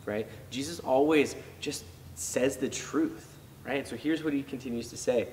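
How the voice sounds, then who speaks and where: A man's voice: mid-range voice, normal speed, long reverb tail, distant mic, slight background noise, poor audio. A man giving a casual youth sermon, talking it through conversationally with fillers and restarts. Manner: animated when acting out reactions. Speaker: youth pastor.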